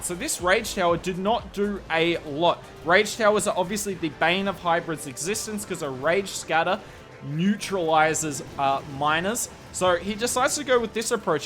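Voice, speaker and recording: A man's voice: sits high, sharp tone. A young man with an Australian accent commentating a game replay in a chatty, candid way with self-deprecating asides. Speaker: strategy video commentator.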